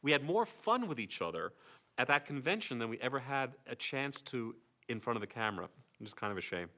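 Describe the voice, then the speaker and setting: An older actor reminiscing casually about his years on a TV series, an animated storyteller who slips into comic voices. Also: mid-range voice, a little fast, a little hiss or hum.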